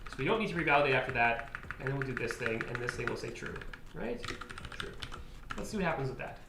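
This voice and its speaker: A man's voice: medium pitch, lively intonation, fast talker, creaky. A man streaming live as he codes, thinking aloud and muttering to himself, with sudden exasperated outbursts. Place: room at a computer, keyboard clicks. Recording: echoey room, faint noise.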